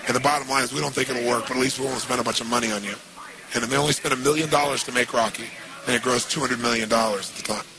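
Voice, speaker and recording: Gravelly man telling a story. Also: medium pitch, very fast, a crowd in the background, poor audio. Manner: lively, acts out quoted dialogue, asks the audience questions. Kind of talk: storytelling to an audience.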